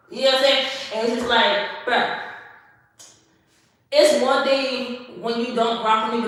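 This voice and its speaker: Bright-voiced woman venting in an echoey room. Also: fairly high pitch. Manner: animated, profane, laughing often. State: tired and irritated. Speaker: stretching content creator. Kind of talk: casual vlog rant while stretching. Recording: echoey hall, voice far from mic.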